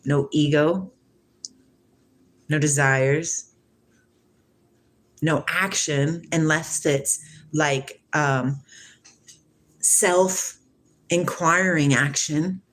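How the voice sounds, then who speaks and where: A woman's voice: deep voice, drawn-out words, pauses often. A woman in her forties from Washington state, musing casually and reflectively about spirituality while answering a livestream chat, laughing often. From Washington state, USA. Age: 40s.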